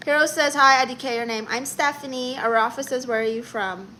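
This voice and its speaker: A woman's voice: high-pitched, a little fast, sharp tone, a little hiss or hum. A woman from Florida hosting a casual live stream, chatting playfully and reading viewer comments aloud. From Orlando, Florida.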